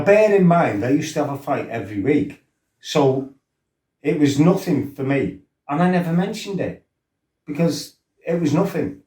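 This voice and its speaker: A man's voice: a little high, sing-song, unhurried, darkish tone, roomy sound. A middle-aged man tells his life story casually, laughing, swearing and acting out what people said. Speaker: former fighter telling his life story.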